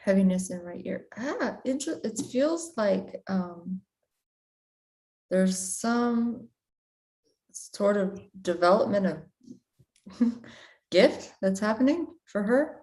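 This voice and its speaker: A woman on a casual livestream answering viewer questions, thinking aloud in a relaxed way. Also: medium pitch, slow pace, long pauses. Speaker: channeler and teacher answering questions.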